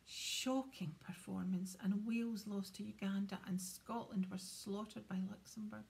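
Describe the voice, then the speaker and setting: A blunt, gloomy young wizard grumbling about sport in a whispered role-play storybook, whispered by a woman reader. The hush is mellow and slightly gravelly. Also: medium pitch, fairly even intonation, a little slow, full character voice.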